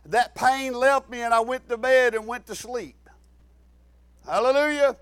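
A middle-aged man, preaching a folksy sermon full of repetition and sudden shouted emphasis. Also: very high voice, measured pace, clear, resonant tone, dry recording.

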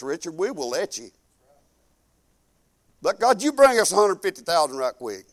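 A man preaching a sermon in a folksy, emphatic way, swinging between loud exhortation and low, quiet asides. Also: big pitch swings, moderate pace.

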